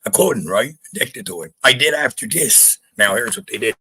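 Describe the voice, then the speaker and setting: A man's voice: medium pitch, normal speed, breathy edge, low-quality recording. A man from Canada telling a gritty story in casual podcast chat, blunt and full of swearing. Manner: profane, blunt, animated retelling. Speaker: podcast guest.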